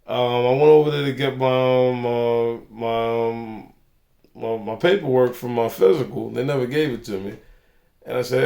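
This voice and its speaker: A man's voice: mid-range voice, fairly even intonation, moderate pace, creaky, mellow. A young man hosting a casual vlog, loose and rambling, telling stories with plenty of swearing. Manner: loose, rambling, profane storyteller. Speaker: channel host.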